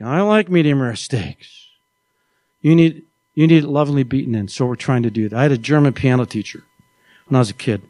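A man preaching a sermon as pastor, animated and playful, acting out little quoted voices. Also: medium pitch, a little fast, no room sound.

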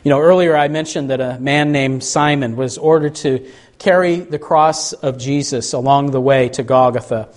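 A man's voice: medium pitch, moderate pace. A man preaching a sermon, speaking earnestly and reading scripture with dramatic emphasis.

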